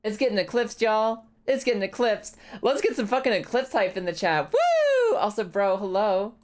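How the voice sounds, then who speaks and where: A young woman streaming a game, chatting casually, excitable, swearing often and breaking into squealing laughs. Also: medium pitch, moderate pace. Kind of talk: casual live-stream chat while playing a game.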